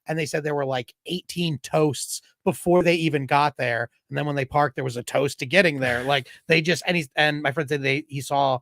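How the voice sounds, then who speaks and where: A man's voice: fairly high pitch, brisk, few pauses, fairly bright tone, dry recording. A middle-aged man from the Philadelphia area, co-hosting a comedy podcast in casual chat and telling rambling anecdotes with frequent laughs. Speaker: podcast co-host.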